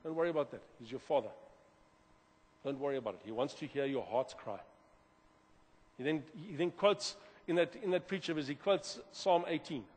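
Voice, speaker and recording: Pastor preaching, husky, lots of repeats, echoey church hall. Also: male voice, fairly high pitch, moderate pace. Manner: animated, repeats words, swings from loud to quiet. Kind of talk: sermon. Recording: long hall reverb.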